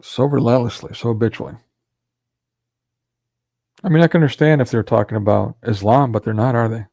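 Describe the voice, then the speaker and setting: Gravelly man ranting sarcastically. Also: mid-range voice, fairly quick, dark tone, dry recording. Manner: sarcastic, scornful, with mocking laughs. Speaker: commentator. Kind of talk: ranting monologue commentary.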